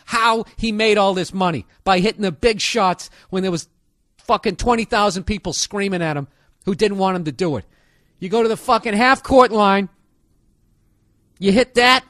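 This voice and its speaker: A man's voice: sits high, moderate pace, fairly bright tone, no echo, clean studio sound. A man comedian delivering a profane, sarcastic rant in a casual monologue style. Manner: ranting, sarcastic, heavy swearing.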